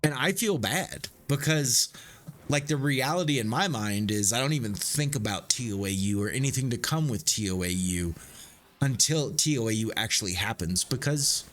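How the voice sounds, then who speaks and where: A man's voice: mid-range voice, expressive, moderate pace, a bit bright. A man streaming a game live, chatting casually with viewers and swearing freely. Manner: loose, swears freely, talks to chat. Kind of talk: casual live-stream chat while gaming.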